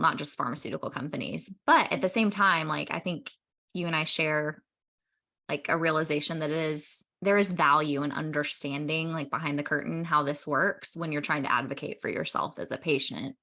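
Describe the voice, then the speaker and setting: A woman's voice: low-pitched, gravelly, bright, forceful tone. A woman hosting a podcast, asking questions in a chatty, opinionated way. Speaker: podcast host. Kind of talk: casual interview chat.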